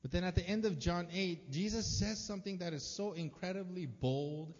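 A man's voice: high voice, moderate pace. A man preaching a sermon in a casual, conversational way, with plenty of fillers. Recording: dull, lo-fi sound with long reverb.

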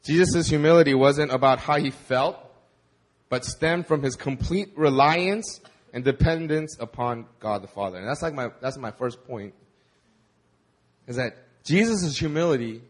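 A man preaching a sermon in a conversational, animated way, with casual fillers. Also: medium pitch, moderate pace. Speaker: pastor.

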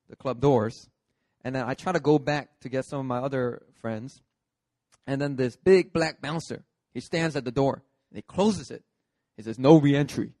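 A man, a pastor, preaching a sermon through a lively personal story, acting out the scenes. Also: mid-range voice, dry recording. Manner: lively, acts out scenes with shifting voices.

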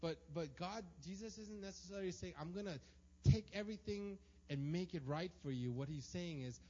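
Pastor guy telling a story in his sermon, kinda high voice, long hall echo, muffled lo-fi. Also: a little fast, mellow. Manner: storytelling, conversational, keeps asking "right?". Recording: long hall reverb, dull lo-fi sound, faint hum.

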